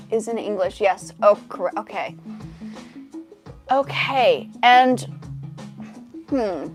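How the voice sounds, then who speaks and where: Young woman, light South African accent, slightly high voice, rambling live-stream chat with faint music underneath. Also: darkish tone. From half South African, now living in the States. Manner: chatty, hesitant, restarts often, reads viewer comments aloud. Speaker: livestream host, music composer. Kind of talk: casual livestream chat with viewers. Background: her music track playing faintly.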